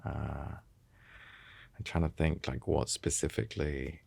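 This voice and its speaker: A man's voice: extremely low pitch, steady tone, measured pace, gravelly, a little mellow, breathy edge, dry recording. A man in his thirties, a podcast guest, chatting casually and rambling through fillers and restarts. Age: 30s. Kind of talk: casual chat.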